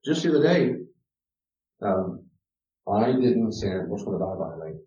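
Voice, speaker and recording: A man, a counselor, giving an informal teaching talk with personal stories. He is animated and restarts often, dropping to quiet asides and rising to loud emphasis. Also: fairly low pitch, measured pace. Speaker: counselor teaching a parenting class. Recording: echoey room, distant mic, dull sound.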